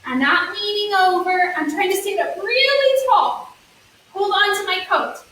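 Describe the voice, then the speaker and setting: A woman reads a counting story aloud during a children's story yoga class, animated and a little slow, her very high voice a bit bright. She sounds sing-song and encouraging and adds playful sound effects. The echoey room, distant mic and faint hiss are audible.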